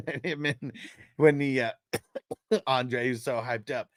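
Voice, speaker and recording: A man's voice: medium pitch, steady tone, slow pace, no room sound, clean studio sound. A man hosting a fantasy football live stream in loose, casual chat, laughing often and swearing freely as he talks.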